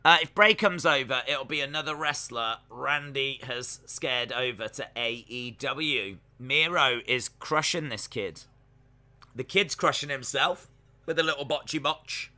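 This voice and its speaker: A young man hosts a live reaction stream, chatting loosely as he watches and reads out viewer comments. His voice is strikingly bright and sharp, and he jokes along with the action. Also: mid-range voice. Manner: chatty, jokey, talks to chat while watching. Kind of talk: casual live reaction commentary, reading chat.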